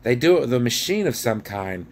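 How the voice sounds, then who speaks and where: Stubborn, suspicious dwarf men from a storybook, put on by a male reader. They scoff loudly in a raised, gruff voice, sure that nobody will fool them. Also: big pitch swings, brisk, a little hiss or hum. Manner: loud, scoffing and higher-pitched than the narration.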